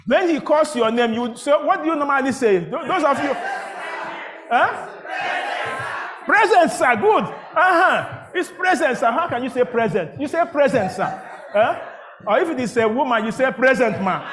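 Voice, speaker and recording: High-voiced preacher. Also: male voice. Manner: animated, calls on the congregation, breaks into song. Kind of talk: sermon with call-and-response singing.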